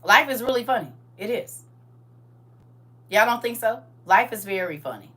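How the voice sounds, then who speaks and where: A woman's voice: a little high, moderate pace, breathy edge. A grandmother hosting a casual livestream, talking sassily and directly to her viewers from her phone. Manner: sassy, animated, talks straight to viewers.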